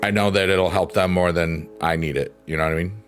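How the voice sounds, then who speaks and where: A man's voice: low-pitched, fairly even intonation, brisk. A man hosting a livestream, chatting casually and jokingly as he reads out the chat. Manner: rambling, jokey, reads chat aloud. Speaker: livestream host. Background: piano.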